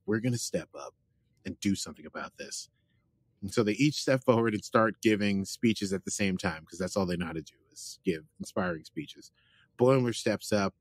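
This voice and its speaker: A man with a fairly low voice talks through a show's plot in a loose, rambling recap, piling up "like" and "uh" as he goes. His voice sits close and dry on a podcast mic, with no room sound around it. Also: dry recording. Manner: rambling, chatty retelling with frequent fillers. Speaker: podcast host. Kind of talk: casual episode recap.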